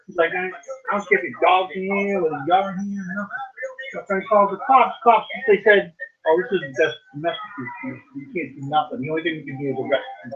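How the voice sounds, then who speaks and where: A man casually telling a long, profane story about a friend, acting out the quotes in an animated way. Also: high-pitched, brisk, highs cut off, slight background noise. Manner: rambling, profane, animated retelling with quoted voices.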